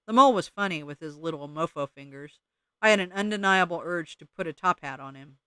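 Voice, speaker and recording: A man reading a novel aloud as an audiobook narrator, in a wry, deadpan way. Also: fairly high pitch, brisk, clean tone, no room sound. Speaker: audiobook reader.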